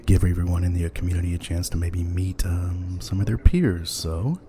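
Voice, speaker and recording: A man's voice: low-pitched, normal speed, warm tone. A man hosting a podcast, chatting loosely with many ums and uhs and frequent chuckles. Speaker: podcast host. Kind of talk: rambling casual chat.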